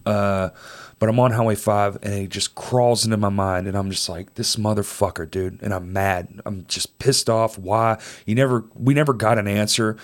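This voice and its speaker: A man telling a personal story in casual chat, swearing freely and dropping to quiet, low tones at heavy moments. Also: moderate pace. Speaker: storyteller in conversation.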